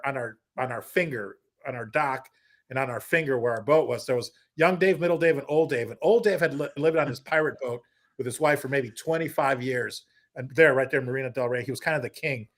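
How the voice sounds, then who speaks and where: A middle-aged man, a comedian guest, telling a story in casual chat, animated, with many restarts and quoted asides. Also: fairly high pitch, brisk.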